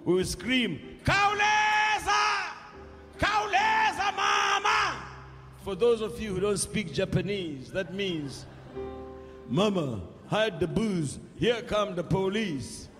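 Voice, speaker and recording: A high-voiced older man with a South African accent spins a wry, funny tale from a concert stage, coaxing the crowd to join in. His voice rings out through a big reverberant hall with a band playing behind. It is the loose, playful patter of a seasoned musician working a room. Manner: wry, humorous storyteller who rouses the audience. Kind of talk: live concert storytelling and crowd call-and-response.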